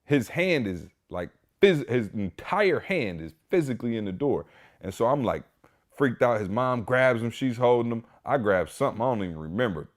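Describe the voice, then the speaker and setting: A man's voice: mid-range voice, lively intonation, normal speed. A man hosting a podcast, telling a story casually and animatedly, speaking straight to his listeners with lots of fillers and restarts. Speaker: podcast host.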